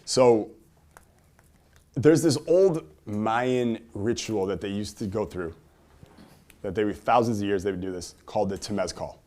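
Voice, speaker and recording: Punchy, low-voiced male seminar speaker. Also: a little slow, long pauses. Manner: punchy, rhetorical questions, swings from loud emphasis to quiet asides. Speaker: speaker giving a talk to an audience. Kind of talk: energetic seminar talk. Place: room with a live audience.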